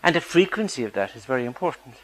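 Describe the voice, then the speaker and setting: A man's voice: medium pitch, very animated, quick pace, low-quality recording. A man giving a public talk as a psychologist, earnest and asking the audience rhetorical questions.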